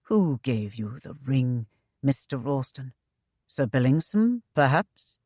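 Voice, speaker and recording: Woman reading as a calm hero, deep and hushed, steady and unhurried, dry. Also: no room sound. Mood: cool. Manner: quiet and level. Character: calm, low-voiced young male hero.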